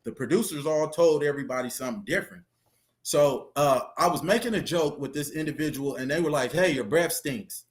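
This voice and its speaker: Man, fairly high voice, casual interview guest, animated storytelling, slangy, lots of fillers. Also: brisk. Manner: chatty, animated retelling with street slang and fillers. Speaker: interview guest, former reality show contestant.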